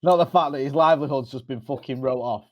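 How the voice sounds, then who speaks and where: A man's voice: medium pitch, fast, lo-fi sound. A man, a podcast co-host reacting with short, sweary quips. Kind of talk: casual banter.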